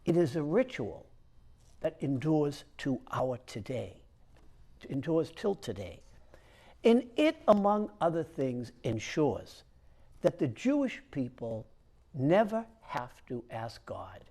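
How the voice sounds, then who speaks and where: Lively, high-voiced male priest. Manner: conversational storytelling with frequent "uh" pauses. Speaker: Catholic priest. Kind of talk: homily.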